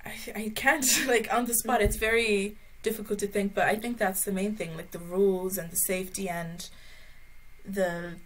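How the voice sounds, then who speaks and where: A young woman from Brazil, a guest chatting casually in an interview, with a mixed American and Irish-sounding accent and a giggly, animated manner. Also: mid-range voice, moderate pace, low-quality recording. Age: young adult.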